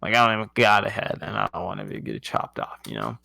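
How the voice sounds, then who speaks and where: A man's voice: fairly low pitch, sing-song, quick pace, vocal fry, bright, forceful tone, no echo. A man narrating a tabletop game as game master in a laid-back, playful way.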